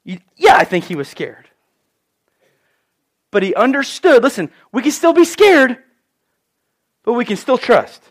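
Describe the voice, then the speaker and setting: A man preaching an animated sermon, acting out the voices of the people he quotes. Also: extremely high pitch, measured pace, pauses often. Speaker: pastor.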